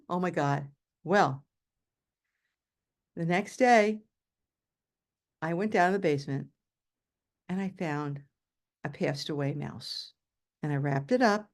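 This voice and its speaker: An older woman telling a personal story with animated exclamations, over a video call. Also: on the low side.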